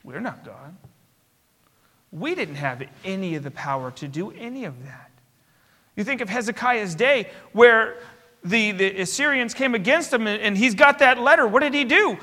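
A man's voice: very high voice, expressive, normal speed, pushed and bright. A male pastor preaching a sermon, emphatic and driving his points home with repeated parallel phrases. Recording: long reverb of a large hall.

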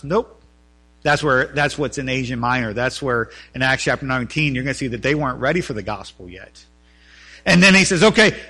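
A man preaching a sermon as pastor in a church, swinging between loud emphatic runs and quiet earnest talk. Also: a little high.

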